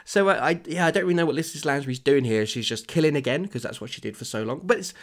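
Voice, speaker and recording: Animated man reading his story. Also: on the high side, fast. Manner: animated, laughs often. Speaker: podcast host. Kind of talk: reading his old story aloud with commentary.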